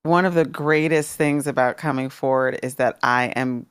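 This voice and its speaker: A woman's voice: very deep voice, steady tone, normal speed, clean tone, no room sound, studio quality. A woman in her fifties from Washington, D.C., talking candidly and thoughtfully as an interview guest. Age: 50s. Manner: reflective, candid. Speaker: interview guest, former music executive. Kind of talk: casual interview.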